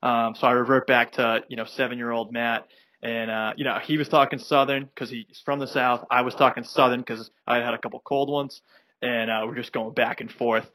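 A man's voice: medium pitch, level tone, normal speed, pushed and bright, no echo. A young man co-hosting a podcast, telling a rambling anecdote full of fillers in casual chat. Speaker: podcast co-host.

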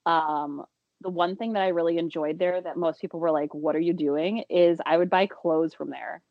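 A woman's voice: lowish voice, moderate pace, no room sound. Giggly woman co-host on muffled audio. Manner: relaxed, giggly, rambling. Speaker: podcast co-host. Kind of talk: casual chat.

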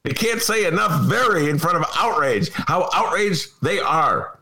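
A man's voice: on the high side, animated, unhurried, bright, forceful tone. A man hosting a talk show from his apartment, in a mock-outraged, theatrical manner that breaks into laughter at his own jokes. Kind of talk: comic casual monologue. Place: home apartment.

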